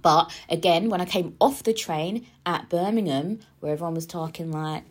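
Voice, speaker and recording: A woman talks straight to her viewers, rambling through a story with lots of asides and fillers. Her voice is a little husky and sits on the low side. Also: brisk, few pauses. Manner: chatty, rambling, full of asides and filler words. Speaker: vlogger.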